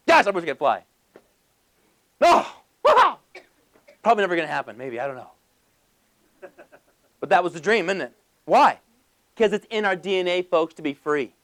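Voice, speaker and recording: High-voiced animated male motivational speaker. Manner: animated, acts out little scenes with voices; asks the audience questions. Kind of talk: motivational talk to a live audience.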